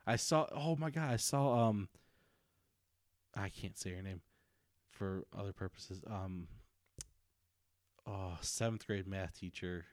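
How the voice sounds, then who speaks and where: A man's voice: low-pitched, slow, pauses often, no echo. A young man co-hosting a podcast, telling stories in a rambling way, full of "like", acting out quotes. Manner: rambling storyteller, heavy on "like", acts out quotes. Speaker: podcast co-host. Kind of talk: casual chat.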